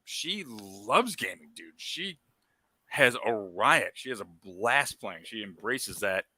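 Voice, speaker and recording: A man with a strikingly bright, forceful voice rambles through gaming anecdotes, stacking up fillers and excited asides. The sound is close and very dry, with no room around it. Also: on the low side, slow, husky, no room sound. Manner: excitable and animated when retelling. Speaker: special guest on a gaming talk show. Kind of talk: casual storytelling chat.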